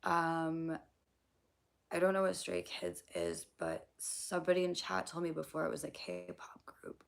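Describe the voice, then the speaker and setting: A young woman hosting a casual livestream, hoarse from losing her voice, rambling, swearing and laughing at her own jokes as she answers chat. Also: low-pitched, very animated, unhurried.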